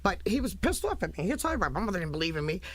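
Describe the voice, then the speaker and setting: A woman's voice: on the low side, very fast, no echo. A middle-aged woman sits for a casual interview, spinning stories with blunt, salty language. She laughs often and throws herself into voicing what others said. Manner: lively, laughing, blunt and profane, acts out quotes. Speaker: interview guest, music manager. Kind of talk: animated storytelling in a casual interview.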